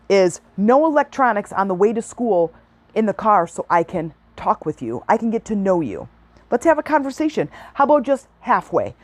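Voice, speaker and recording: A woman hosting a motivational podcast, talking in energetic bursts and acting out the people she quotes. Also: medium pitch, no echo. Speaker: podcast host and life coach.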